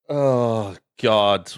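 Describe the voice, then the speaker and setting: Young man, podcast host, rambling casual chat, lowish voice, dry close mic. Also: fairly bright tone, clean tone, no echo. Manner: rambling, stumbles over words, swears casually.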